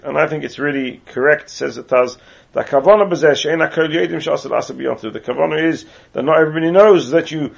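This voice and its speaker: His voice is fairly high and gravelly as this English man teaches a Torah lesson, reading Hebrew and then explaining it in English with digressions. The Talmudic lecture is heard through a muffled, lo-fi recording.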